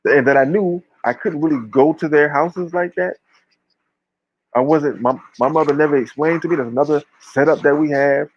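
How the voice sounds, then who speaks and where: A man's voice: on the high side, moderate pace, dull audio, slight background noise. A man talking casually but with fiery emphasis, preaching and swearing freely. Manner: emphatic, preachy, profane, uses slang. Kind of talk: impassioned casual talk.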